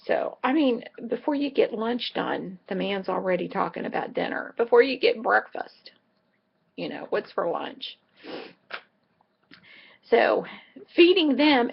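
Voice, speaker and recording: A woman's voice: fairly high pitch, vocal fry, slightly rough, muffled recording. A middle-aged woman vlogging in a casual, rambling way, telling a chatty story full of asides. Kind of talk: casual chat.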